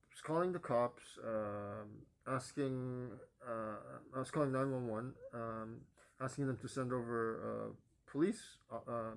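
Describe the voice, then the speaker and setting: A young man tells his personal story for a vlog with a mid-range pitch, hesitating through many pauses and fillers. His phrases tend to end quietly, sinking low and soft.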